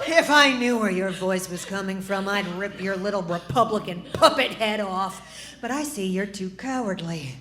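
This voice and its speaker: A woman's voice: medium pitch, lively intonation, normal speed, fairly bright tone, roomy sound, lightly acted. A woman acting a melodramatic, outraged heroine in a live comedy radio play, declaiming her lines. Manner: over-the-top outraged declaiming.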